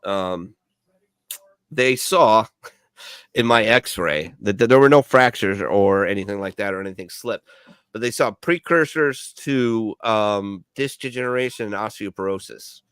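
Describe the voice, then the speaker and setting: A man's voice: on the low side, unhurried, fairly bright tone, clear, resonant tone, no echo, studio quality. A man from Milwaukee, a veteran co-host of a radio show, rambling through profane stories in casual chat full of fillers.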